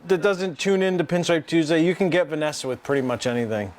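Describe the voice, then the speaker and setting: Guy chatting on a live stream while he works, kinda high voice, little bit of hiss. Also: a little mellow. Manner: rambling, halting explanations with many restarts. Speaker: pinstripe artist hosting a live stream. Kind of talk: casual live-stream chat while working.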